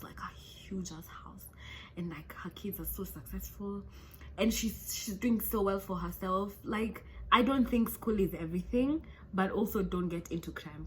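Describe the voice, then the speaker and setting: A woman's voice: medium pitch, a little hiss or hum. A woman, a vlogger telling a true crime story in a chatty, joking way with many asides.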